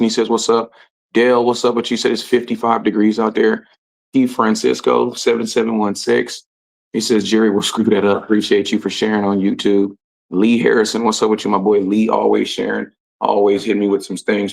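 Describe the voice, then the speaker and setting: A man hosting a casual livestream, reading out commenters' names and greeting them in relaxed, slangy talk. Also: on the low side, fairly quick, gravelly. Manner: shouting out commenters, laid-back slangy talk. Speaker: livestream host. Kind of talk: casual live-stream chat.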